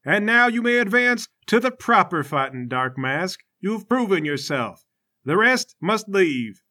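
A man voicing a solemn older male tournament judge who speaks in slow, ceremonial pronouncements. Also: high voice, big pitch swings, bright, forceful tone, pitched above the performer's own voice, exaggerated voice. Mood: formal.

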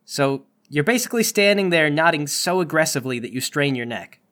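A man's voice: fairly high pitch, expressive, brisk, fairly bright tone. A man running a tabletop game as game master, with dry, wry remarks. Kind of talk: tabletop game narration and banter.

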